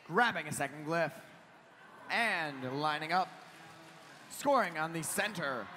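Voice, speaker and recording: A man giving live play-by-play commentary on a robotics competition, getting louder and higher at the big moments. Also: slow pace, slight background noise. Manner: excited play-by-play, climbs in pitch at big moments. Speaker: match commentator.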